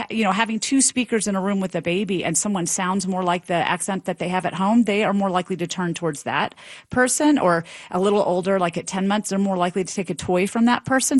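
A woman's voice: medium pitch, no room sound. A woman guest who is a linguist and author, explaining accents in an interview with light laughs. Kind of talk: interview answers.

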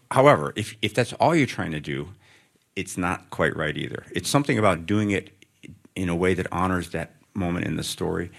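A man's voice: low voice, vocal fry. A middle-aged male author talking in a rambling, thoughtful, self-deprecating way during an onstage interview before students. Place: in front of a student audience.

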